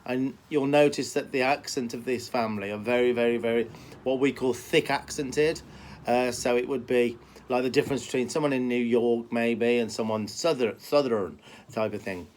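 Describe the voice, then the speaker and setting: A man from Birmingham with a softened Brummie accent, a horse trainer talking casually to camera and often repeating himself with fillers. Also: medium pitch. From Birmingham, England. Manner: rambling, repeats words, many fillers. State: limping.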